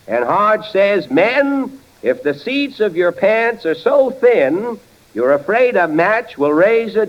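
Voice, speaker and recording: A man hosting a 1930s radio comedy show, cracking dry jokes in a drawling patter. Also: sits high. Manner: dry wisecracking delivery, slow and drawling. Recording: dull 1930s radio broadcast with faint hiss.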